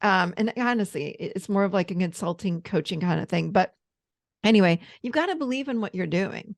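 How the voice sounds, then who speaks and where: A woman's voice: medium pitch, lively intonation, brisk, gravelly. A woman therapist and coach speaking as an interview guest, earnest and enthusiastic. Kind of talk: casual interview chat.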